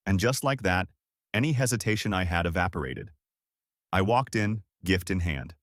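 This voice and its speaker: A man narrating a first-person story in a steady, even storytelling manner. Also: deep voice, moderate pace, no echo, clean studio sound.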